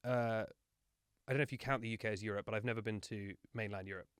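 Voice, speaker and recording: A man's voice: lowish voice, steady tone, fast talker, a bit bright, smooth, no room sound, clean studio sound. A man, a podcast guest telling self-deprecating stories in casual chat. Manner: chatty storyteller, self-deprecating.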